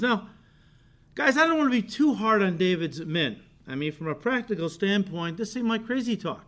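A man's voice: sits high, expressive, moderate pace, fairly bright tone. A male pastor giving a conversational expository sermon, calling his listeners "guys" and acting out quoted lines with rising emphasis.

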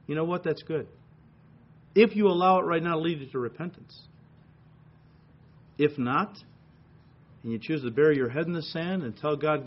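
A man's voice: on the high side, lively intonation, moderate pace, long pauses, dull audio. A man preaching a sermon as pastor, building emphasis with rhetorical questions.

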